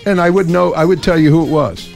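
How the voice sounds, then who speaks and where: A man's voice: a little high, fast talker, gravelly, darkish tone, soft background music. A man hosting a casual radio talk show, playful and boastful, laughing often.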